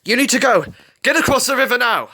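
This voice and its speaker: A man's voice: medium pitch, lively intonation, normal speed. Man playing a protective young male fox. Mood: urgent. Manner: gentle, firm, protective. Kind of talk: fan story read aloud.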